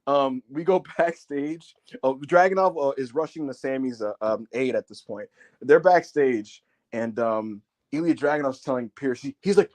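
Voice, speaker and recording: A man co-hosting a wrestling podcast, recapping the show in casual chat and acting out wrestlers' lines. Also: normal speed. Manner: animated, acts out wrestlers' lines in high voices.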